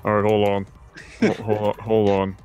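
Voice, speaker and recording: A man's voice: lowish voice, completely flat delivery, normal speed, a little mellow, soft background music. A man on voice chat with his teammates, laid-back and repeating himself. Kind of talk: casual gaming chat.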